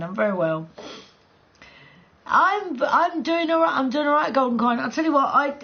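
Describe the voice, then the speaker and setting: A woman's voice: on the high side, dull audio, slight background noise. A middle-aged woman chatting casually with viewers on her live gaming stream, rambling, laughing often and swearing freely.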